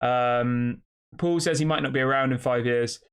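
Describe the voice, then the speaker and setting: A man in a middle pitch hosts his fan channel in a loose, conversational way. He thinks out loud, trips over names and corrects himself, and keeps throwing rhetorical questions at his listeners. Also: moderate pace, clean tone. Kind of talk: casual opinion commentary.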